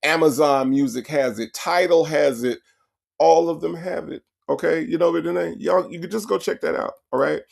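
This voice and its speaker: A man's voice: a little high, moderate pace, creaky. A man hosting a casual livestream, reading out viewers' names from the chat and greeting each one with repeated hellos. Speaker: livestream host. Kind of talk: casual livestream shout-outs.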